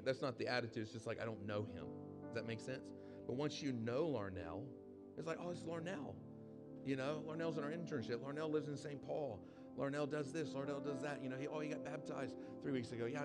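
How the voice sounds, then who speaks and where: A pastor preaching a conversational sermon to a live congregation, often asking the room questions. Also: male voice, mid-range voice. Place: church hall with live audience.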